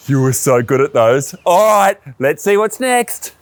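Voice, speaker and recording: A man's voice: a little high, very animated, measured pace, hardly any pauses, soft background music. A man hosting a children's church show, upbeat and calling out actions to the kids. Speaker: children's ministry presenter. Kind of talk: energetic kids' show hosting.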